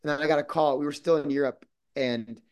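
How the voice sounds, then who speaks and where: A man's voice: on the high side, steady tone, quick pace, darkish tone. A man from Minnesota, a guest actor talking casually in an interview, rambling with many restarts and quoted asides.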